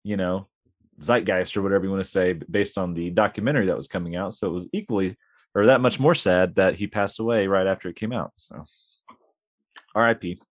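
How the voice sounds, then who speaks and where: A man's voice: low voice, fairly quick, dry recording. Man trading dry jokes on a podcast. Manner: dry, joking asides. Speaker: podcast co-host. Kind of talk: casual podcast chat.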